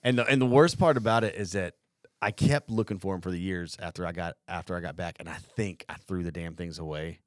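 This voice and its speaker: A man's voice: sits low, a little fast, dry recording, studio quality. Profane, rambling man hosting a podcast. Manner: profane, rambling war-story telling. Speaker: podcast host. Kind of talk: casual podcast chat.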